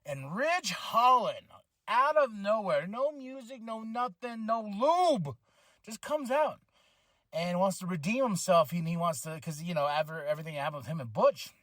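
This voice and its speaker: A man with a high voice talks through a wrestling show like a fan chatting with friends. He is loose and animated, peppering his talk with fillers and short laughs. The sound is dry, with no room echo. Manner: animated, acts out wrestlers' lines in quick voices; frequent laughter and filler words. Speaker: podcast host. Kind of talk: casual wrestling show recap.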